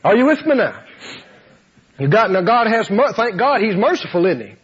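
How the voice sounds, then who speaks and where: A man preaching a sermon, animated and often laughing as he acts out voices. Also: sits high, moderate pace, breathy edge. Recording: dull lo-fi sound.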